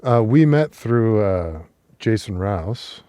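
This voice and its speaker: A man's voice: lowish voice, slow, no echo. Chatty male guest host, dry sound. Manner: relaxed, chatty questioning. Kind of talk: casual interview chat.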